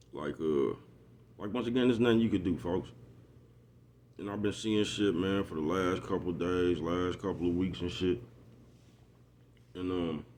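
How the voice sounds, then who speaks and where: A man's voice: low-pitched, darkish tone, slight background noise. A man vlogging a casual motivational monologue, rambling and repetitive in street slang. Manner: rambling, repetitive, street slang, keeps asking "you know what I'm talking about".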